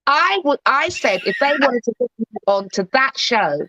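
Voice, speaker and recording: A woman's voice: on the high side, very animated, normal speed, pushed and bright, dry recording, dull audio. Chatty, playful woman guest. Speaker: guest, actress. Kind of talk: casual chat.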